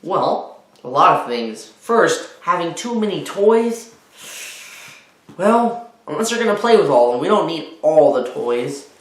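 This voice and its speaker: A male teacher reads a storybook aloud for children, pausing to speak to them directly. His voice sits slightly high for a man. The recording has a roomy echo. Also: very animated. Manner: friendly, talking to young listeners.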